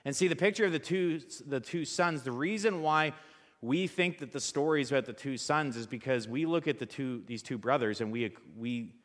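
Casual, animated male preacher in a church with long reverb. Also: mid-range voice, moderate pace. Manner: conversational, animated, asks the audience rhetorical questions. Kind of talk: sermon.

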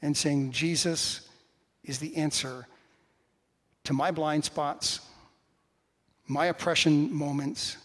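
A male pastor preaching a sermon, telling a personal story with animated swings between loud and hushed delivery. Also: a little high, takes it slowly, pauses often. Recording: reverberant church hall.

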